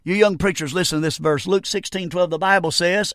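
A man's voice: high-pitched, steady tone, a little fast, few pauses, a bit bright, dry recording, clean studio sound. A man in his sixties preaching a fervent radio sermon, often breaking in with "Amen".

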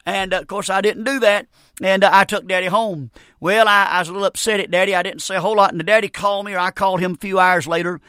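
A man's voice: sits high, steady tone, fast talker, sharp tone, clean tone, no room sound, clean studio sound. A middle-aged man preaching a radio sermon in a folksy, emphatic way, often repeating himself.

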